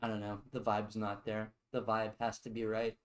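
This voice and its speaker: A man's voice: lowish voice, monotone, normal speed, rough recording. A young man streaming casual live gameplay commentary, rambling and joking as he chats with his viewers.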